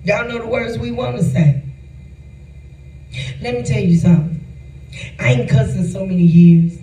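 A man giving a sermon in a lively, conversational preaching manner, joking and laughing with the congregation. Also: high voice, moderate pace, highs cut off, a little hiss or hum. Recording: echoey room, voice from far off.

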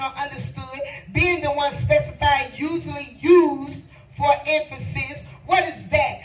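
High-voiced woman preaching in an echoey room. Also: far from the mic. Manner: emphatic call-and-response preaching, rising into half-sung shouts. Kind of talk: sermon.

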